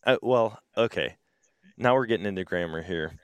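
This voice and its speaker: Low-voiced upper midwest guy chatting on a podcast, tells stories and does the voices, dry close mic. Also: moderate pace, clear, resonant tone, dry recording, dull audio. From Wisconsin. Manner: animated storyteller, acts out quoted voices. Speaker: podcast host. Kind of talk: casual chat.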